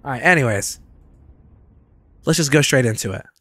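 A young man in his twenties, commentating a game playthrough, loud, excitable and swearing a lot. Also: mid-range voice, normal speed, no room sound. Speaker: gaming streamer. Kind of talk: let's play commentary.

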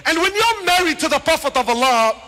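A man giving a passionate religious lecture, swinging between shouted appeals and low asides, acting out dialogue as he tells stories. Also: big pitch swings, a little fast. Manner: acts out dialogue in storytelling. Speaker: Islamic preacher. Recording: reverberant hall.

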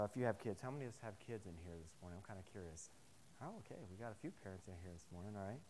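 A man preaching a sermon to his congregation, telling personal stories in an animated, humorous way. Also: mid-range voice, big-room sound, a little hiss or hum. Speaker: pastor. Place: chapel service.

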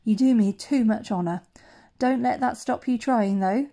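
A flamboyant woman ship captain holds court, grandiose and theatrical in every line, as a woman reader puts her on. The tone stays mellow and dark. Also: on the high side, moderate pace, creaky.

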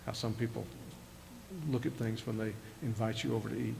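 Older male pastor, gravelly, conversational sermon delivery in a reverberant church hall. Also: fairly low pitch, flat delivery, a little fast, a little mellow, slight background noise. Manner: conversational preaching, retells scripture with rising emphasis. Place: church sanctuary.

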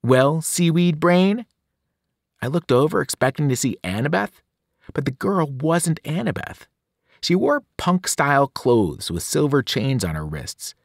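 A teacher reading a novel aloud with drama, his voice rising and falling in a very lively way. The sound is dry and close to the microphone. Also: mid-range voice, moderate pace, gravelly, no echo. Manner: dramatic, with whispered and shouted voices. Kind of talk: expressive read-aloud narration.

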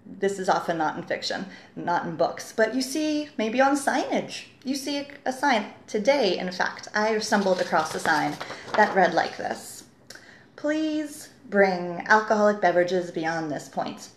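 A woman's voice: medium pitch, very animated, normal speed, slight background noise. A woman editor giving writing advice in an earnest, emphatic, teacherly way, often asking rhetorical questions. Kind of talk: talking-head writing tip video. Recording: echoey room.

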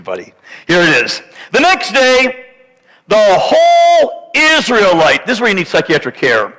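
Male pastor, sermon; bright, forceful tone, emphatic and dramatic with humorous asides; church hall reverb. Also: fairly high pitch. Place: church sanctuary.

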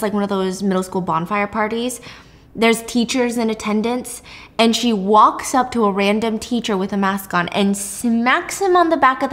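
A woman podcast host casually retelling a thriller plot, chatty and animated, with lots of "like". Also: medium pitch. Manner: chatty, animated, says "like" a lot.

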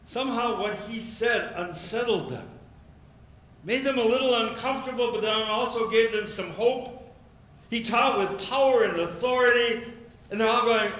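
Pastor guy preaching, high bright voice, big echoey church sound. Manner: storytelling, voices the crowd's questions with rising pitch. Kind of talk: sermon. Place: church sanctuary.

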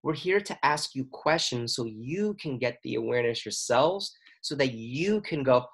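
A man who works as a chiropractor and facilitator, telling a personal story in an interview in an earnest, expressive way that rambles, acting out the voices he quotes. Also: medium pitch, normal speed, husky. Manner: rambling and apologetic about talking a lot.

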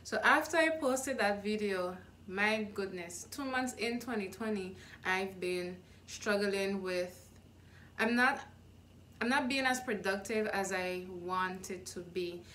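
A woman's voice: medium pitch, slow pace, fairly bright tone, a little hiss or hum. A young adult woman talking straight to viewers in a casual motivational vlog, earnest and encouraging, often restarting her sentences. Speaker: YouTube vlogger.

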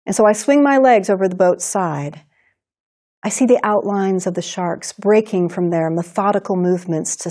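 Woman giving a measured writing lecture. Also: lowish voice, darkish tone. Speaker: writing instructor. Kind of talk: recorded lecture.

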